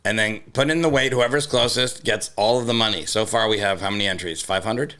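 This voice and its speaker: A man co-hosting a casual comedy podcast, excitable and jumpy, often breaking into loud high yelps and laughter. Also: a little fast. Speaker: podcast co-host.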